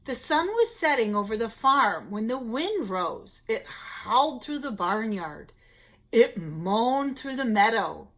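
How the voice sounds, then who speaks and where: A woman reading a children's picture book aloud at story time, expressive, with gasps and little asides to the children. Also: a little high, takes it slowly.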